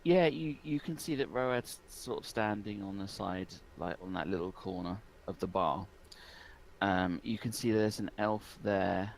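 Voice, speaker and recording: A man's voice: lowish voice, a little slow, vocal fry, a little hiss or hum, poor audio. A man narrating a tabletop game as game master, descriptive and hesitant with ums.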